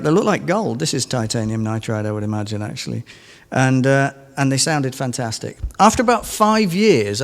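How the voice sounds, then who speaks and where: A man's voice: medium pitch, long reverb tail. English man, middle-aged, guitarist, wry rambling stage anecdote, self-amused. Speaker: guitarist performing in concert. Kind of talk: between-song stage anecdote. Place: concert stage in a museum.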